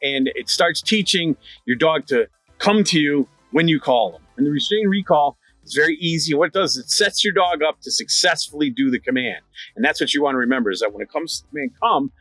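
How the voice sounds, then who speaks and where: A middle-aged man teaching dog training in a lively conversational way, repeating his key points. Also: on the high side, brisk, no echo, soft background music. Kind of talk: instructional talk to camera.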